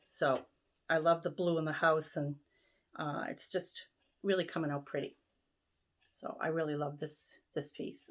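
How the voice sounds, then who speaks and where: A woman with a Boston accent talks through her craft projects in a relaxed, rambling way, full of ums and quick restarts. Her voice sits a little low. She is recorded at home in her sewing room. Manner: chatty, many ums and restarts. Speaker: stitching vlogger. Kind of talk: casual show-and-tell chat.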